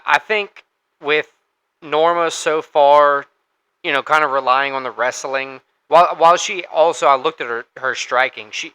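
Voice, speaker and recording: Man, co-host, casual sports podcast chat, bright forceful voice, slightly high pitch, hesitant fillers. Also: clear, resonant tone, low-quality recording. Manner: conversational, hesitant with fillers and restarts.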